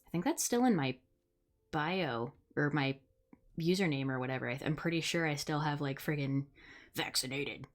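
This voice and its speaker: She's a young Midwestern streamer host with a deep voice, talking at normal speed. Casual, blunt and sarcastic, she swears freely on her live stream.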